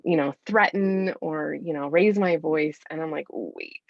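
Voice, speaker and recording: A woman's voice: low voice, normal speed, vocal fry, dry recording, muffled recording. A woman in her thirties, a podcast guest who coaches mothers, talking in an earnest, encouraging way straight to the listener. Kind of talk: casual podcast interview.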